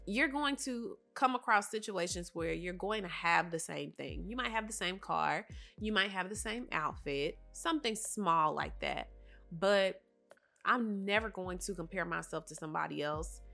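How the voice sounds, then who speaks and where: A woman's voice: on the low side, a little slow, gravelly, bright, forceful tone, soft background music. A woman hosting a solo motivational talk, speaking earnestly and directly to her listeners, her voice a bit nasal and congested from a cough. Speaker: podcast host.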